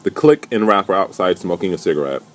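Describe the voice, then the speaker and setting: Low-voiced man ranting in a recap. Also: fast. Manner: profane, animated, indignant storytelling. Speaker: reality TV recap vlogger. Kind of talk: casual recap rant.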